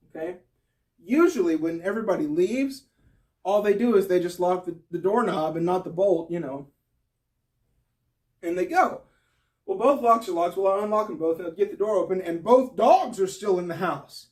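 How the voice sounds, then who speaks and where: A man telling a comic story on stage, animated and breaking into high yelps and laughter. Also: far from the mic. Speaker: stand-up comedian. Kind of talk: storytelling stand-up.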